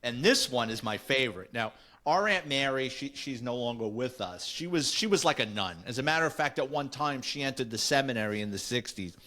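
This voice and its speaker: A man's voice: mid-range voice, expressive, fairly quick, pushed and bright. Man in his fifties reminiscing casually. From the Bronx, New York. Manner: reminiscing, storytelling. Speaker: podcast host. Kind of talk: casual chat.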